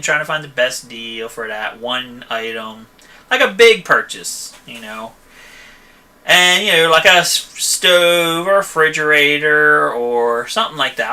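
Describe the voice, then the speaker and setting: A man who runs a van repair shop hosts a casual live stream, answering viewer questions in a rambling, chatty way and often tacking on "okay?" and "you know." His voice is mid-range with a sharp tone.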